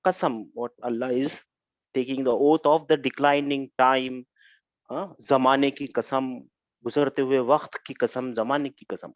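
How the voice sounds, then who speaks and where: A man's voice: mid-range voice, no room sound, dull audio. Man teaching grammar online. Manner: questioning students, repeats phrases, mixes in Urdu.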